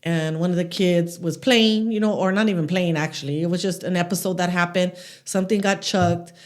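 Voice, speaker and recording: A middle-aged woman co-hosting a casual podcast, telling stories with lively acted-out quotes and frequent swearing. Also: fairly low pitch, fairly quick. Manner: animated storyteller acting out quotes, swears freely. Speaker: podcast co-host. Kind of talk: casual chat, storytelling.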